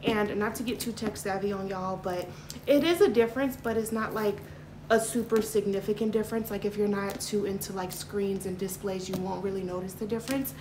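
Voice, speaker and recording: A young woman vlogging to her handheld camera, bubbly and excitable, chatty with lots of "like" and "y'all". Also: medium pitch, a little fast. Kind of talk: casual vlog talk to camera. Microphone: handheld vlog camera. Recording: echoey room with background noise.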